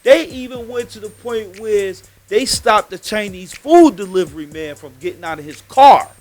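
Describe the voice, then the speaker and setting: A man, hosting a podcast and telling a story in an animated, slangy, emphatic way. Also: high voice, normal speed, soft background music. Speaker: podcast host. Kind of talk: casual street storytelling.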